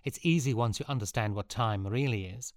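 A man's voice: mid-range voice, brisk, dry recording, studio quality, close to an everyday voice. A man doing a sneering tall boy. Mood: smug. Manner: condescending, smug.

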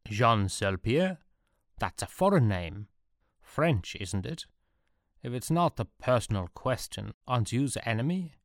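A man voicing an eccentric male Prussian artillery officer who speaks in a brisk, deadpan way. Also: mid-range voice, no echo, studio quality. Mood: interrogating.

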